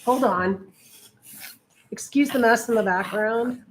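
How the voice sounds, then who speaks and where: A middle-aged woman talks at an unhurried, leisurely pace while she preps her art journal. She drifts into soft, cooing baby talk with her dog and keeps a relaxed, homey chatter going throughout. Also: fairly high pitch, slight background noise. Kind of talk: casual chat while crafting.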